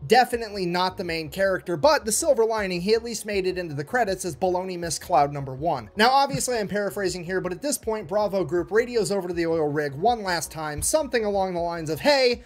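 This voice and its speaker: A man telling a military history story as comedy, profane and animated, acting out quotes. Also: high voice, fast, hardly any pauses, soft background music.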